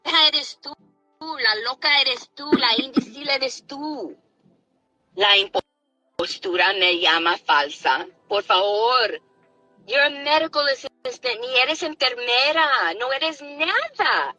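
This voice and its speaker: A woman's voice: high voice, expressive, slow pace, bright, forceful tone, dry recording, soft background music, rough recording. A middle-aged woman, a nurse, gives heated commentary in a mocking, indignant tone, switching between languages.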